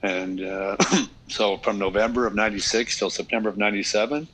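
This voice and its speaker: A man's voice: lowish voice, fairly even intonation, a little fast, a bit bright, breathy edge, rough recording. A man in his fifties, a podcast guest, telling his story in a candid, reflective way with many restarts. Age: 50s. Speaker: guest, retired hockey player. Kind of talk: casual podcast interview.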